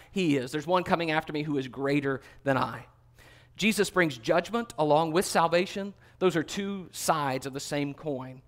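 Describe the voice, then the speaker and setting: Guy with a slightly high voice teaching bible study, chatty, lots of uhs. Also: a bit bright. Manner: conversational, with fillers and self-corrections.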